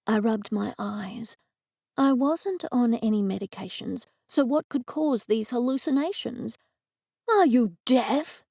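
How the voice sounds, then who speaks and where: An Australian woman narrating a cozy mystery audiobook in the first person, measured and expressive. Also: a little high, creaky, no room sound, studio quality.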